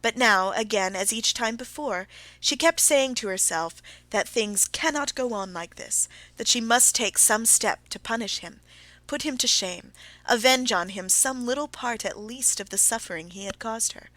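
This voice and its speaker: In a dry recording, a woman with a higher voice narrates an audiobook of a classic novel, reading in a measured, expressive way.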